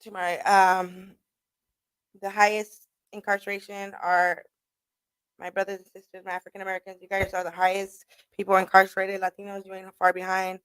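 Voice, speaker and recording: A woman's voice: medium pitch, normal speed, clean tone, dry recording. A young woman hosting a radio show, casually telling a story with a lot of swearing and laughter. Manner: profane, laughing, animated retelling.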